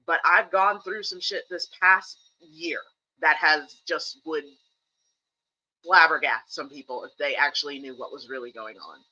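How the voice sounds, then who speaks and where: A woman with a piercingly bright, sharp voice talks straight to her stream audience, candid and emphatic. She hammers her points home by repeating them. The audio is a little dull and lo-fi. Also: sits low, a little slow. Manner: emphatic, candid, repeats key phrases for stress. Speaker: streamer host. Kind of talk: casual livestream talk, earnest advice.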